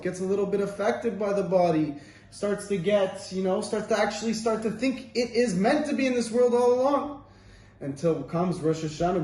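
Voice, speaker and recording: A man's voice: high-pitched, darkish tone. A man giving an informal Torah talk, telling stories in a casual, rambling way with many fillers. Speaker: Torah teacher. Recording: roomy, distant mic, faint ambience.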